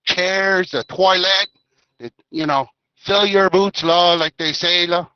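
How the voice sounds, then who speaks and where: A man putting on a comic Acadian French voice, quick and lively in his delivery. He rattles on cheerfully with bits of French, and he sounds bright and a little high, all over dull lo-fi chat audio. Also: smooth, no echo, full character voice. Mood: playful. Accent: Acadian French put-on. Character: man with a joking put-on Acadian French accent.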